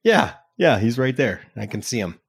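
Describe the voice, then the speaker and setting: A man hosting a podcast, chatting casually and teasing his co-host in an animated, joking way. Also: mid-range voice, normal speed, creaky, husky. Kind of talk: casual chat.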